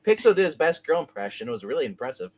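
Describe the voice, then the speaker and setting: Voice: mid-range voice, sing-song, rapid-fire, a loud crowd. A chatty, laughing participant bantering during a live comic reading. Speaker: comic book reader.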